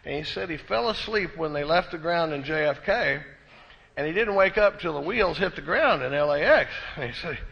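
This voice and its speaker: A man from Austin with a Texan accent, telling an animated, self-deprecating recovery story to a conference crowd. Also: on the high side, normal speed, vocal fry, slightly rough. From Austin, Texas. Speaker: recovery speaker. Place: conference hall. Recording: dull echoey hall recording.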